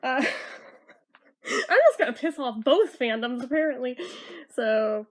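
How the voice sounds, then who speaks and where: A young woman with a high voice chats through a comic as a fan. She is animated and swears freely between the panels. She reads the characters' lines in a plain, offhand voice. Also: slow pace. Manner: animated, swearing, laughing asides. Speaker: fan reviewer reading a comic aloud. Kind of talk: casual comic read-through.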